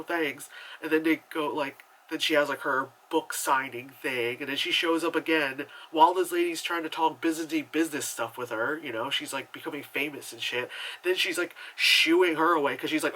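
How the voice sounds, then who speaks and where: A man with a fairly high, bright, forceful voice, talking through a movie review in a loose, rambling way. He fills his talk with filler words and swearing and sounds exasperated and sarcastic. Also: brisk, poor audio. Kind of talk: casual spoken movie review.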